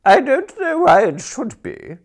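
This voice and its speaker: A man's voice: medium pitch, big pitch swings, moderate pace, pitched above the performer's own voice. A man voicing a domineering aristocratic older woman who speaks tartly and scolds. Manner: sharp, scolding.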